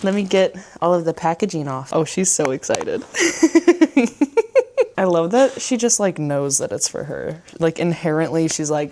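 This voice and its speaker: A woman's voice: sits low, moderate pace, darkish tone, a little hiss or hum. Bubbly young woman vlogging at home. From United States. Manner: bubbly, gushing, laughs often. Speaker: book vlogger. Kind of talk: casual vlog chat. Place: at home indoors.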